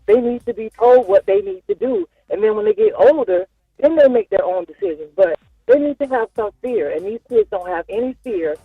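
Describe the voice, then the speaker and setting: Florida lady calling in, dark gravelly voice, swings up high when she gets worked up, indignant. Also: very animated, brisk, no room sound, phone-quality sound. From Duval County, Florida. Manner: emphatic, indignant. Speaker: caller. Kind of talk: radio call-in.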